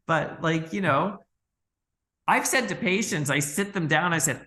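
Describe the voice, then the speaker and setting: A man guest on a podcast interview, telling lively stories and acting out quoted dialogue with frequent laughs. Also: a little high, normal speed. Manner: animated storyteller, acts out quoted dialogue, laughs often. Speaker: orthodontist guest.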